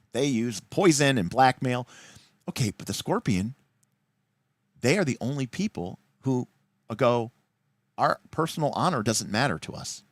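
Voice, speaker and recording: Lively-voiced man explaining a tabletop game. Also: medium pitch, dry recording. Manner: enthusiastic, digressive, talks in quoted asides. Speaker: game master teaching a tabletop RPG. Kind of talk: casual livestream explanation.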